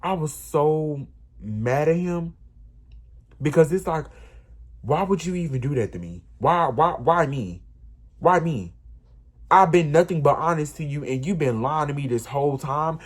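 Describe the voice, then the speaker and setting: A man casually telling a personal story, animated and emphatic, often repeating himself. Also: a little high, normal speed. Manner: animated, repetitive, emphatic retelling.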